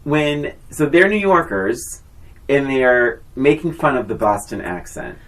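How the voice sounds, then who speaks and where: Woman, very deep voice, animated pitch, podcast co-host, casual chat, teasing, rambling. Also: a little slow, low-quality recording. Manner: chatty, teasing, rambling with fillers.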